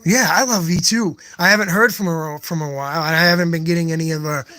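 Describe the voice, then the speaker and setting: Bright, high-voiced man chatting on a live stream. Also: fast. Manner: rambling, answering chat comments one by one; effusive and earnest, often thanking viewers. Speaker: poet hosting a live stream. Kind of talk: casual live-stream chat with viewers.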